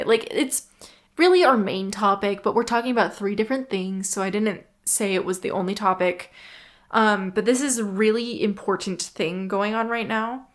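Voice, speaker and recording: A woman's voice: mid-range voice, fairly bright tone. A young woman hosting a solo podcast in a casual, rambling, chatty way, often stopping to correct herself. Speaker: podcast host.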